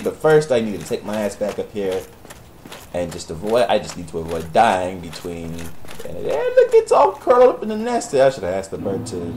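A man's voice: deep voice, a little mellow, slight background noise, low-quality recording. Profane, sarcastic man playing a game. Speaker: gaming commentator. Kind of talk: Let's Play commentary.

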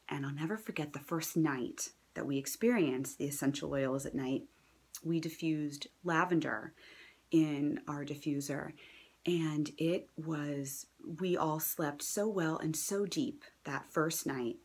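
A woman's voice: deep voice, husky. A woman in her thirties, a mother, telling her own story in a casual, earnest and enthusiastic way, with fillers and restarts, sometimes dropping to a whisper. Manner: drops into a whisper at times. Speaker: mother sharing a testimonial. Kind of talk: casual personal testimonial.

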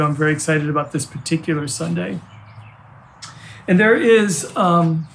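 An older man preaching with earnest warmth, stumbling and restarting as he speaks from the heart. His voice sits somewhat high for a man. Faint birdsong chirps in the background. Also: a little hiss or hum. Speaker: pastor. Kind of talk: sermon.

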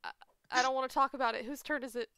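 Woman streamer, excitable and self-mocking, gravelly edge on a bright, sharp voice. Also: high voice, rapid-fire. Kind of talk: casual gaming chat with friends.

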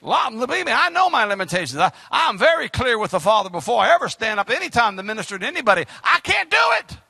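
A man preaching a sermon as pastor, fiery, with sudden shouts and hushed drops. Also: high-pitched, very animated, very fast, breathy edge, dry recording.

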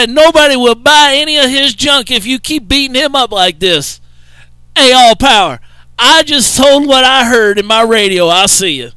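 A man's voice: very high voice, pushed and bright, clear, resonant tone, no room sound, low-quality recording. Laughing man on CB radio. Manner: drawling Southern trucker talk, laughing, repeating others' words. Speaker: CB radio relay operator. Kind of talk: CB radio banter.

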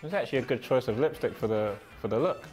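A man's voice: mid-range voice, expressive, fast, a little mellow, faint music behind. A young man making dry, wry remarks in casual banter.

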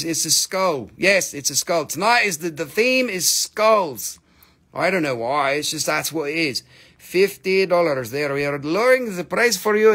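A man's voice: high voice, a bit bright. A man hosting a live sales stream of stones, joking playfully while he counts pieces aloud and cuts prices. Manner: joking, playful, bursts into song. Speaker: live-stream seller of minerals.

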